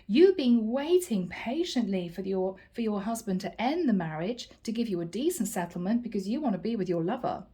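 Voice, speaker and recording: A woman's voice: medium pitch, expressive, normal speed, few pauses, mellow. A woman giving a casual tarot reading to camera in a playful, teasing and slightly sarcastic manner. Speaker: tarot reader.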